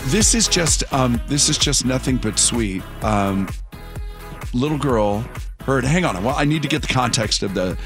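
A man's voice: medium pitch, lively intonation, unhurried, over music. A man hosting a morning radio show, chatting casually and rambling with fillers and restarts. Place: radio studio.

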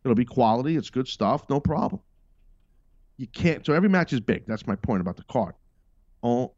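A man hosts a podcast with a casual, emphatic monologue that often veers off track. His pitch sits in the middle range. The studio-mic sound is dull and dry. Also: vocal fry, a little mellow, no echo. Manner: rambling, emphatic, self-interrupting. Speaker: podcast host and wrestling commentator.

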